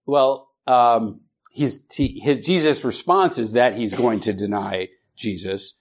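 Male Bible study teacher, halting delivery, restarts often, quizzes the class, mid-pitched. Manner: halting, with many restarts and fillers; asks the class questions, calls on students.

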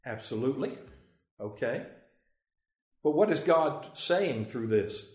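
A man leading a Bible study, emphatic, slowing down to stress key phrases, chuckling often and putting questions to the group. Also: medium pitch, big pitch swings, roomy sound. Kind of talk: interactive Bible study teaching.

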